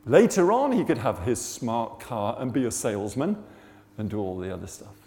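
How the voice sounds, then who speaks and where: A man preaching, telling a testimony in an animated way and acting out the people in it. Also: mid-range voice, normal speed, long reverb tail. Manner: animated, acts out the people in his story. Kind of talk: sermon storytelling.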